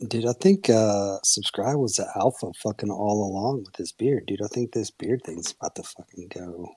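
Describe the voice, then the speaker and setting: A man getting worked up in a casual live audio chat, cursing as he talks. His voice is husky and low, recorded dry and close. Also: moderate pace, no room sound. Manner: excited, profane, slangy.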